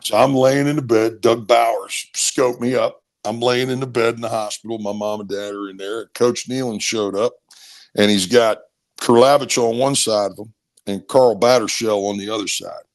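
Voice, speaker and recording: A lowish male voice at normal speed belongs to a middle-aged Maryland native who played football in college. Casual and animated, he tells stories and acts out the voices of others.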